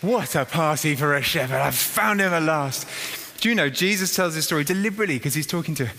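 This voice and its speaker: A man preaching a lively sermon, acting out a story in a playful, animated way. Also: on the high side, quick pace. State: out of breath. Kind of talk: lively sermon with acted demonstration. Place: church hall. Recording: echoey hall with faint noise.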